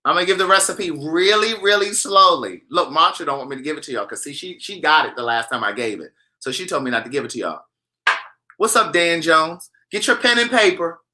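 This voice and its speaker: A man hosting a casual vlog, talking to camera in an animated, sassy, teasing way. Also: fairly high pitch, fairly quick. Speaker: vlogger host.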